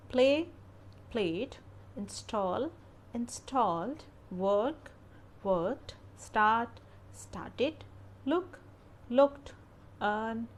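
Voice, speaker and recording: Female teacher, measured slow grammar narration, drilling examples; light background noise. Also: medium pitch. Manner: careful, drilling word lists. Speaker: English teacher.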